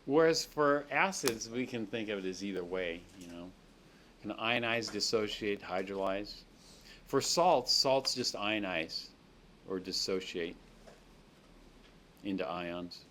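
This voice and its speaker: Low-voiced man lecturing a chemistry class. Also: takes it slowly, sharp tone, a little hiss or hum. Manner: explains step by step, checks understanding with students.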